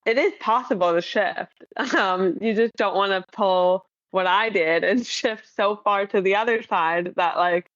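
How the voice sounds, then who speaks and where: A woman's voice: mid-range voice, measured pace, hardly any pauses, dry recording, muffled recording. A woman who is a podcast guest, speaking candidly in casual conversation, self-deprecating, laughing often and using lots of fillers.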